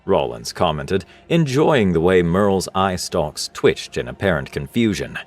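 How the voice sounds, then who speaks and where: Deep guy narrating sci-fi, lively ups and downs, faint music under it. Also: unhurried, few pauses. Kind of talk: scripted sci-fi story narration.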